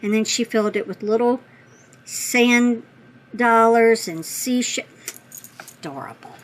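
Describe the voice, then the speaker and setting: A middle-aged woman hosting a craft channel, chatting as she opens mail, gushing and thinking out loud as she corrects herself. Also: on the high side, a little slow, rough recording. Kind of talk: casual chat opening happy mail.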